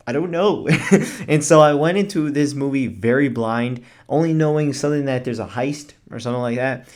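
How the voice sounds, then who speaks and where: A man's voice: mid-range voice, brisk, darkish tone. Chatty man rambling through a movie review. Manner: chatty and rambling, with fillers and self-corrections. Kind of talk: casual spoken movie review.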